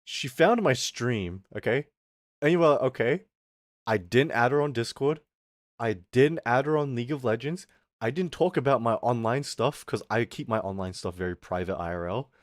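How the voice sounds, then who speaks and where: A man's voice: medium pitch, normal speed, no room sound, studio quality. A man streaming and chatting with his audience, telling a story in a casual rant. He swears freely and reads out his chat as he goes.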